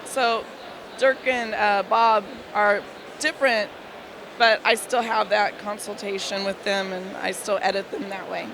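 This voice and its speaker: Hoarse woman on a noisy convention floor. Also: mid-range voice, measured pace. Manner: laughing, animated storytelling. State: hoarse, losing her voice. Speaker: comic book editor. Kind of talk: casual interview. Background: crowd and hall ambience.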